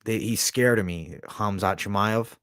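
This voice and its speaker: A man doing a quick impression of a boastful, confident male pro fighter in a cocky, matter-of-fact tone. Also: lowish voice, a bit bright, smooth, dry recording, clean studio sound.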